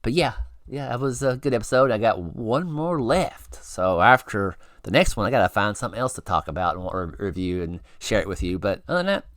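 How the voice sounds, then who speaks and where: A man's voice: on the low side, a little fast, no room sound, studio quality. A man hosting a review channel, recapping a TV episode in a rambling, friendly way with lots of fillers. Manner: rambling, many fillers and restarts; relaxed and friendly. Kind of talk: casual spoken episode recap.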